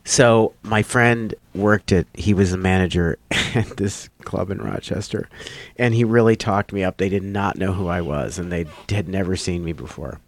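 A man, a comedian, telling a story in casual chat, getting animated and loud as he acts out a confrontation. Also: sits low, normal speed, no echo. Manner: animated, rising loud when acting out the confrontation. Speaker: comedian guest.

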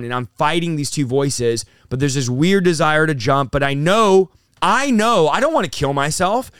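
A young man recounts his story as a pastor in an interview, pouring intensity into every line and acting out the words spoken to him. His voice sits fairly high and sounds smooth and resonant. The sound is dry and close-miked. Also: normal speed, no room sound. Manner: intense, storytelling with acted-out quotes. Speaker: pastor and guest. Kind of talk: emotional testimony in an interview.

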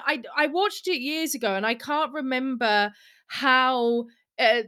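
High, bright-voiced woman chatting. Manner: animated, rambling storytelling. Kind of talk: casual chat.

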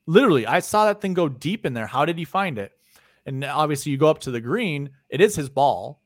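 Telling a story in casual conversation, this podcast co-host sounds animated and swears freely, often letting his phrases trail off quietly. His voice sits on the high side and moves briskly, captured in clean studio sound with no echo.

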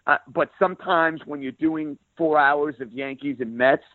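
A man with a strong New York accent and a rough, everyday voice talks sports radio in an emphatic, plain-spoken way. He comes through a thin, tinny phone line. The sound is close and dry, with no room behind it. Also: fairly high pitch, fairly even intonation, moderate pace, no echo. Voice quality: rough around the edges voice. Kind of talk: interview guest, casual talk.

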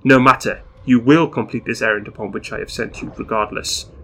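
A man reading the lines of a sinister male impostor with a menacing, measured delivery. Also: medium pitch, bright, forceful tone, slight background noise, natural voice.

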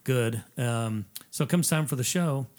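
A man's voice: medium pitch, a little slow. A middle-aged man, an improv comedy performer, telling stories in a casual chat and acting out what others said with laughs between lines. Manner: animated storyteller who acts out what people said and laughs between lines. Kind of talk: casual podcast chat, storytelling.

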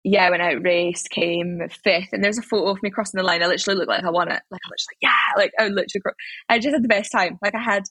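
A Scottish woman in her twenties, chatting in an interview and telling stories in an animated way with lots of fillers. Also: mid-range voice, very fast, slightly rough, no echo. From Scotland. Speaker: interviewee, athlete. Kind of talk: casual interview chat.

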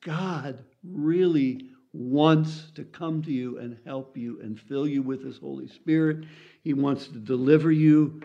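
A man preaching a sermon in an earnest, deliberate and emphatic way. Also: fairly high pitch, vocal fry. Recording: dull lo-fi recording.

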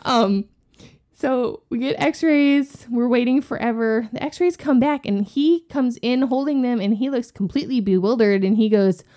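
A woman in her forties, a podcast cohost, telling a story in a casual, animated way and acting out what people said. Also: on the high side, measured pace. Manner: animated, acts out quoted voices with gasps.

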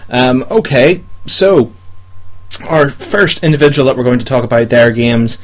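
A man's voice: medium pitch, steady tone, measured pace. A man hosting a casual podcast chat, rambling and hesitant with many ums while reading a list. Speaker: podcast host.

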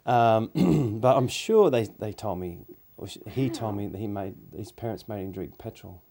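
A man's voice: lowish voice, expressive, normal speed, creaky, dark tone. A man, telling rambling anecdotes in a casual, easygoing podcast chat.

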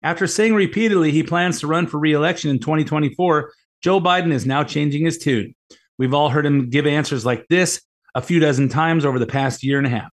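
A man's voice: fairly high pitch, brisk. A middle-aged man hosting a talk radio show, rambling in a casual monologue, often repeating words and retelling conversations with emphasis. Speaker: radio show host and mortgage lender.

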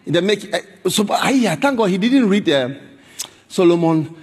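A man preaching a sermon in an animated, pleading way, often breaking into shouts. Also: sits high, normal speed, slightly rough. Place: large church hall with congregation. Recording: church hall reverb, live crowd.

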